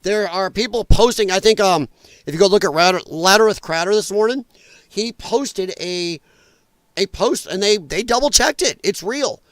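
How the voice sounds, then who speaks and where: A man's voice: sits high, moderate pace, a bit bright, no echo. A middle-aged man hosting a political livestream, ranting angrily with heavy profanity in casual commentary. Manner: angry, profane, emphatic ranting.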